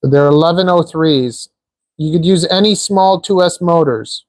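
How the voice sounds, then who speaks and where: A livestream host building a drone chats and jokes loosely while fitting small parts, filling his rambling with filler words. His voice leans high and a bit mellow, at a measured pace, with no echo.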